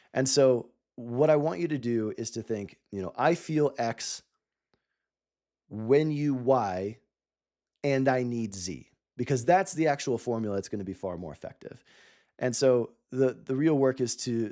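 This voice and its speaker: A man's voice: medium pitch, darkish tone. A man giving a coaching talk to founders, earnest and explaining step by step with examples. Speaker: cofounder coach.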